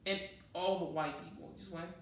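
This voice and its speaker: A comedian from Mexico talks shop in a loose, easygoing way, dropping "man" into his sentences. His voice sits fairly high for a man. It is recorded in a very echoey room, some distance from the mic, with a faint hiss under it. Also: steady tone, normal speed. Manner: laid-back, sprinkles in "man", acts out quoted bits. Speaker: stand-up comedian guest. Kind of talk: casual interview chat.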